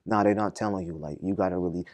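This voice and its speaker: A man's voice: sits low, steady tone, fast talker, a little mellow, dry recording. A young man from telling his prison story in a podcast interview, heavy on slang and "you feel me.". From Boston, Massachusetts. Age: young adult. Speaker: guest.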